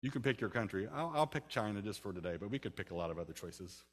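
Fast and lively, a pastor with a fairly low voice preaches in a church sanctuary. His talk is conversational and full of rhetorical questions for the congregation, all heard through long hall reverb.

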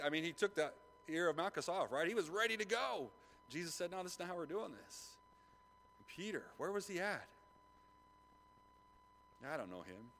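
A man preaching a sermon, retelling a Bible story with lively acted-out voices. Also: medium pitch, a little hiss or hum, low-quality recording. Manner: animated storytelling, acts out the voices of biblical figures. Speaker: pastor.

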